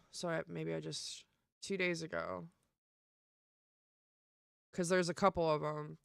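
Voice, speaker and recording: A young woman streamer talking casually and emphatically, swearing often and filling pauses with "um" and "like". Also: low voice, fairly even intonation, vocal fry, smooth, no echo, clean studio sound. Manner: emphatic and profane, with many fillers. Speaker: live streamer. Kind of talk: casual live-stream rant.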